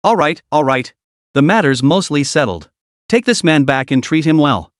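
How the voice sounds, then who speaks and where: A man voicing a ruthless young man who speaks calmly and mockingly. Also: a little high, normal speed, dry recording, studio quality, lightly acted. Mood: cold. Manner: calm, mocking. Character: cold ruthless young man toying with enemy.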